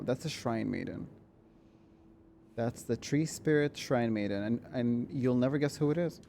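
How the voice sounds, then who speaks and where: Man, game streamer, casual commentary, chatty, excitable, mid-pitched voice. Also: vocal fry, slight background noise. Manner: chatty and excitable, swears and laughs often.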